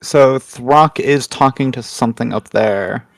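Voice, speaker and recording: Slow-talking man, unsure tabletop player. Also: mid-range voice, dry recording. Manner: unsure, asks about rules. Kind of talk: casual tabletop play.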